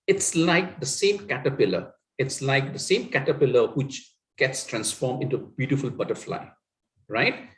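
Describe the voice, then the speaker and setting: A man's voice: mid-range voice, expressive, moderate pace, reverberant, poor audio. A middle-aged man from Assam, India, who speaks English with an Indian accent and whose first language is Assamese. As a communication coach, he gives a motivational talk in an earnest way, with many fillers and tag questions.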